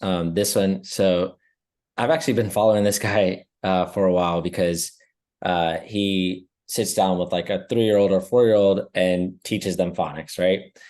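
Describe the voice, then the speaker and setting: A man's voice: sits low, fairly even intonation, measured pace, darkish tone. A man co-hosting a podcast in casual chat, laughing often and restarting his sentences. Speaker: podcast co-host.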